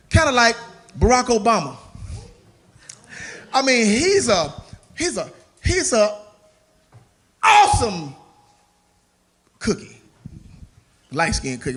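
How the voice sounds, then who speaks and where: A male stand-up comedian performing a set with an animated, punchy delivery. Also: extremely high pitch.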